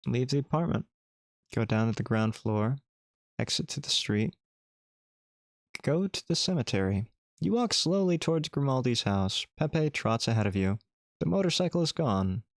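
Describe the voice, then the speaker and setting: Gravelly guy reading a text game out loud, joking around, dry close sound. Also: medium pitch, animated, moderate pace, no echo. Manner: playful, with joking asides. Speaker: streamer.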